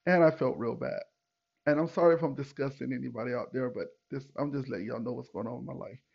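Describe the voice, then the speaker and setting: Man, young adult, raspy gravelly voice, casual podcast monologue, dull lo-fi sound. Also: mid-range voice, fast. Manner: loose, conversational, many fillers and asides to listeners. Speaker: podcast host.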